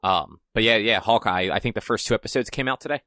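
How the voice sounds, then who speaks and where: A man's voice: lowish voice, quick pace, pushed and bright, dry recording, clean studio sound. A young man co-hosting a podcast in casual chat, rambling and searching for words with many ums. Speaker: podcast co-host.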